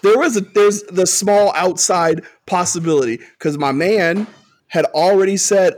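A man co-hosting a podcast in casual chat who rants in an animated way and swears freely. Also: high voice, unhurried. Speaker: podcast co-host.

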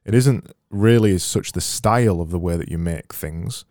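Host, male, very low and mellow voice, dry close-mic sound, casual and enthusiastic with frequent restarts. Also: normal speed, no echo. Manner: enthusiastic, restarts phrases while thinking. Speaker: podcast host and designer. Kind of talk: casual conversational interview.

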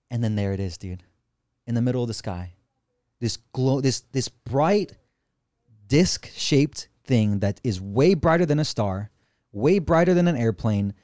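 A man of average pitch tells a story with animated, excitable energy, throwing in slang and curse words. The recording is dry and close, with almost no room sound. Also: dry recording. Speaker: podcast guest. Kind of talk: casual storytelling.

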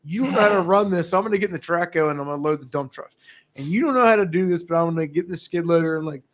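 A young man in casual chat, telling work stories with profanity and loud acted quotes. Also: fairly high pitch, rapid-fire. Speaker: podcast guest.

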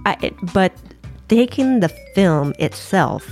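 A woman's voice: medium pitch, big pitch swings, slow pace, darkish tone, faint music behind. A woman co-hosting a podcast, leading a casual, eager discussion of a film. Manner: leads the discussion, chatty and eager. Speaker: podcast co-host. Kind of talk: casual movie review chat.

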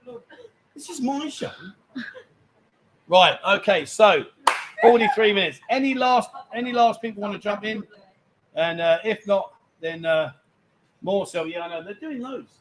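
A man's voice: high voice, lively intonation, measured pace, pauses often, slight background noise, low-quality recording. Cheeky man hosting a bar stream. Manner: cheeky, bantering, loud asides. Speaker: live stream host. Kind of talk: casual live-stream banter. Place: busy bar.

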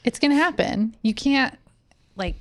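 A woman's voice: on the high side, lively intonation, measured pace. A woman co-hosting a casual podcast, speaking frankly about boundaries and teasing the others. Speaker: podcast co-host. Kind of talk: casual chat.

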